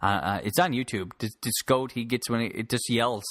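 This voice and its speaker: Into a handheld mic held close, a man rambles casually on his solo podcast, swearing freely and restarting sentences. His voice is medium-pitched and a bit bright, fairly quick, with no echo.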